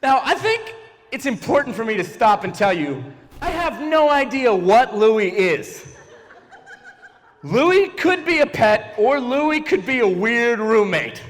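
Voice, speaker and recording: A young adult man performing a stand-up comedy set and slipping into quick silly character voices. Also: very high-pitched, sing-song. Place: church hall, live audience. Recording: long hall reverb.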